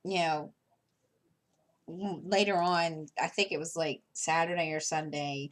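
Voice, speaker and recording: Working on a craft project, this woman vlogger rambles casually, full of fillers and restarts, chuckling as she goes. She speaks a little slowly in a low voice with fairly even intonation.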